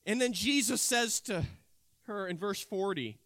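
A man preaching a sermon, retelling a scripture story with animated storytelling and emphatic bursts. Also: high-pitched, unhurried, no echo, studio quality.

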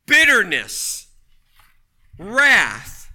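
A man preaching a sermon, telling a personal story with emphatic, loud punches. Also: very high-pitched, animated, a little slow. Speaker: pastor.

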